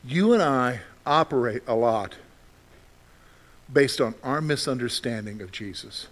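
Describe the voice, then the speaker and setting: A man preaching a sermon, swinging between loud, animated outbursts and soft, quiet lines. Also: mid-range voice, unhurried. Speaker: pastor.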